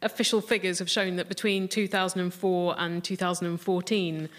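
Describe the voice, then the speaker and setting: A woman's voice: lowish voice, flat delivery, brisk. Wry woman comedy panellist. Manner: wry, chatty, jokey asides. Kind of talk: comic panel banter.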